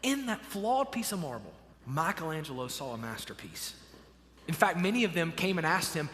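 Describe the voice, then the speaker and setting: A man preaching a sermon as a pastor, telling a story with animated swells and hushed drops. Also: a little high, normal speed, in a large hall. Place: church sanctuary.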